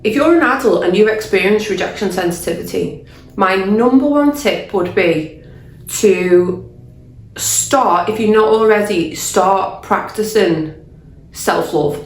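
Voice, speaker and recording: A woman, a life coach, talking candidly and earnestly to camera, often restarting her sentences as she thinks aloud. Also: mid-range voice. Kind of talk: casual talk to camera. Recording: roomy echo.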